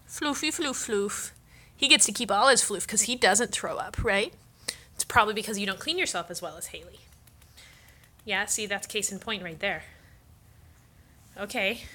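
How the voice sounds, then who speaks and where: Bright-voiced woman cooing at her cats. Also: medium pitch. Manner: cooing baby talk to pets, chatty with viewers. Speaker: livestream host showing her cats. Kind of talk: casual livestream chat with cats.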